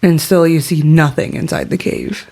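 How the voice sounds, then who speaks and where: A woman's voice: low-pitched, moderate pace, gravelly, dark tone. A woman narrating as game master in a loose, chatty way with many fillers. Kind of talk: casual tabletop game narration.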